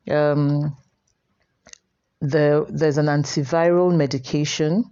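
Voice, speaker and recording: A woman teacher gives an online class from home, speaking slowly and repeating key words for her students. Her voice is mellow and dark. The recording sounds dull and lo-fi. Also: low voice. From Nigeria.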